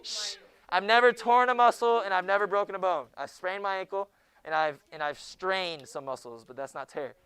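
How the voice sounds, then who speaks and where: A young man teaching a junior high Bible class in a classroom, joking with the students and often hushing them. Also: normal speed. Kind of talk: classroom lecture.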